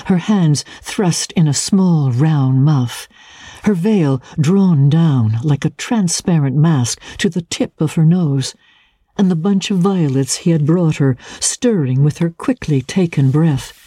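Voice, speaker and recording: Slow, husky woman reading a classic novel. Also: deep voice, mellow, no echo. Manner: measured, deliberate narration. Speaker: reader.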